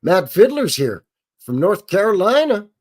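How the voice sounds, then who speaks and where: A middle-aged Canadian man hosts a relaxed livestream, giving loose, unscripted commentary over old footage at a measured pace. He rambles and chats, greeting viewers in chat by name, his pitch swinging widely up and down.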